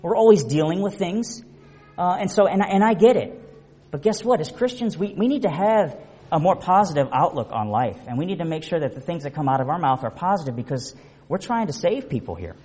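A middle-aged man preaching a conversational sermon, telling stories in a chatty, animated way with many restarts. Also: fairly high pitch, brisk, husky. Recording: reverberant hall.

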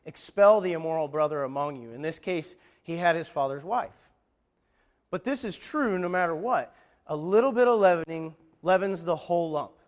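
A man with a high-sitting voice preaches a sermon, speaking conversationally and emphatically. He often restarts his sentences and reads from scripture.

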